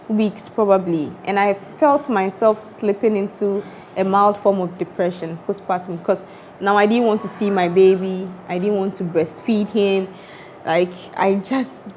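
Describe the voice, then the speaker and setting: A woman speaking at an ordinary pitch, telling her story in an open and reflective way as a guest on a talk show. A faint hum sits behind her voice. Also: darkish tone. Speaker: guest, mother and doctor. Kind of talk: candid talk-show chat.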